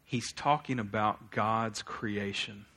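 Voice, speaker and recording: A man preaching a sermon, animated, swinging between loud exclamations and quiet reflection, laughing often. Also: lowish voice, slow pace. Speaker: pastor.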